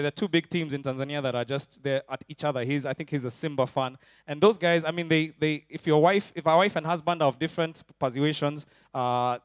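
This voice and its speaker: Animated pastor, high and dry. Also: male voice, no echo. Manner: animated, swinging from loud shouting to soft intimate tones. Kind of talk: sermon.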